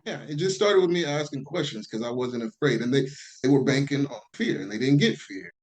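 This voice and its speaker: Male guest, lively conversational storyteller, plays quoted voices, average pitch. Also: fairly quick, low-quality recording. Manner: animated storyteller who acts out quoted voices. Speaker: podcast guest.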